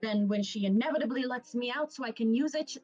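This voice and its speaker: A woman's voice: a little high, a little fast, a little mellow, muffled recording, faint music behind, natural voice. A woman voicing a snide, insulting man who is half bard and half wizard, in a tabletop game. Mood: scornful. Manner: sneering, indignant.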